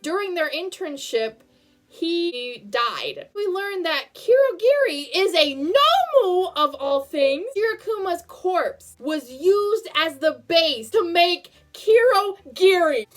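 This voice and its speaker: A young woman reviewing an anime in a casual vlog, talking in a gushing, emotional way that swings from hushed to excited. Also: extremely high pitch, slow.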